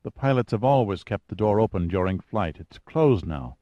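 A man voicing a level-headed female scientist who speaks in a quiet, measured way. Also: on the low side, lively intonation, dry recording, dull audio, lightly acted.

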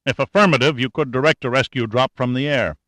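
A man reading an audiobook who voices a weary, grave male admiral speaking over the radio, measured and grim. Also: medium pitch, fairly bright tone, dry recording, lightly acted. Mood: probing.

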